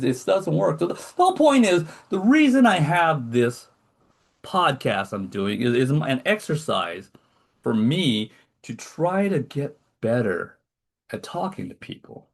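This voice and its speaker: A man's voice: a little high, wildly swooping pitch, unhurried, breathy edge. A man hosting a casual podcast over a video call, rambling and self-deprecating as he talks. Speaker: podcast host. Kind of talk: casual chat.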